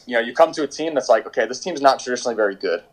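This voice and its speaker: Racing along with lively intonation, a young goalkeeper speaks in a mid-range voice over a rough recording. He's an interview guest at home during quarantine, rambling through casual stories full of fillers and restarts.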